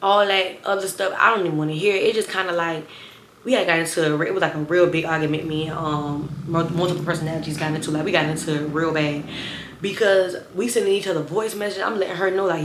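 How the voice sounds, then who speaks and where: A woman's voice: on the low side, fairly even intonation, quick pace, a bit bright, reverberant, a little hiss or hum. A young woman telling a storytime to her phone camera in a blunt, heated, slangy way, talking straight to her viewers. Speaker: storytime vlogger. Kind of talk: casual storytime rant.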